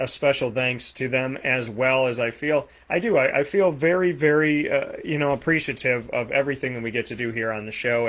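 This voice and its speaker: A man with a Boston accent hosting a sports talk show, rattling off plugs and shout-outs with energy. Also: mid-range voice. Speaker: host. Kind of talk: energetic radio show sign-off.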